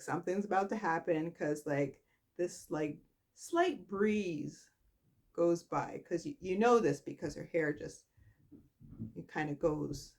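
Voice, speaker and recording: Slow chatty woman recapping a soap. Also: darkish tone. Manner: chatty, slow, acts out characters' lines with big pitch jumps. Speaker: soap opera recap host. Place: at home.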